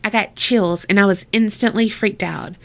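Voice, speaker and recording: A woman's voice: mid-range voice, fairly even intonation, normal speed, gravelly. A woman co-hosting a casual podcast, reading listener stories aloud, laughing often and swearing freely. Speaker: podcast co-host.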